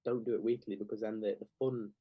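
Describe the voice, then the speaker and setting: A man's voice: on the low side, level tone, fast talker, slightly rough, no room sound, highs cut off. A young man, chatting casually as a podcast guest and scattering "like" through his sentences. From England. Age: young adult. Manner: rambling, heavy with "like" fillers. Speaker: clothing brand founder, guest.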